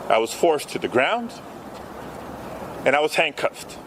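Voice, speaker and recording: A man delivers a firm statement to the press, pressing each point and climbing in pitch as his indignation grows. He speaks outdoors in a city, and traffic and street ambience carry clearly around him. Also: sing-song, unhurried. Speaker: senator.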